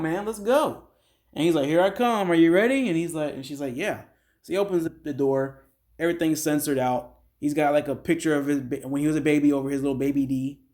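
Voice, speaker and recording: A man casually recapping a reality show episode, chatting straight to his viewers. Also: fairly high pitch. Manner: chatty, conversational, addresses viewers as guys.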